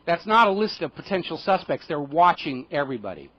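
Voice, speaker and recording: A man's voice: fairly high pitch, very animated, a little fast, lo-fi sound. A middle-aged American man hosting a radio talk show, editorializing solo with an indignant, sardonic manner.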